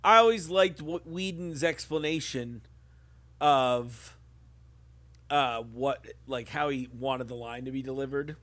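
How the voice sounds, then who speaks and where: A man's voice: medium pitch, slow pace, fairly bright tone. A man chatting casually on a movie commentary podcast, often checking in with "you know what I mean". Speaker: podcast co-host.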